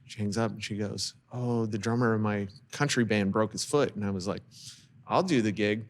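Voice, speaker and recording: A man's voice: lowish voice, moderate pace. A man, a drummer and guest, chatting casually in an easygoing, amused way about landing gigs. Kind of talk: casual chat.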